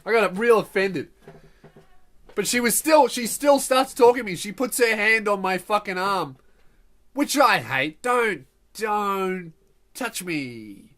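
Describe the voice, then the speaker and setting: A young male comedian and podcast host telling a comic story, animated, sarcastic and profane. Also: sits high, a little slow.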